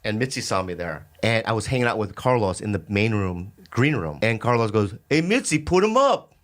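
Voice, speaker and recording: A comedian from San Diego telling a story in casual chat, animated and laughing at himself. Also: male voice, on the low side, fairly quick. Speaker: comedian guest.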